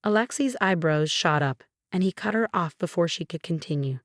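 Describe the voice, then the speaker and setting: A woman narrating a scripted story in a steady, even storytelling manner. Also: lowish voice, moderate pace, dry recording, clean studio sound.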